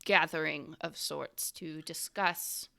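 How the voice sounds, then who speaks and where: A woman voicing a formal young society woman on a phone call in a tabletop role-play, polite and halting. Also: low-pitched, fairly even intonation, creaky, sharp tone, heavily acted. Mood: worried.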